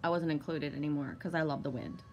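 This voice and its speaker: A woman vlogger casually telling a long story, rambling with lots of fillers, swearing often and bursting into giddy excitement. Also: deep voice, quick pace, muffled recording, slight background noise.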